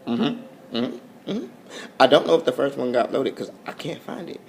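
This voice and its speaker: Overtired man rambling with a gravelly voice. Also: mid-range voice, expressive, normal speed, a little hiss or hum. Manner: overtired, goofy, swooping voice. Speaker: vlogger. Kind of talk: rambling late-night vlog. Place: at home, filming on a phone.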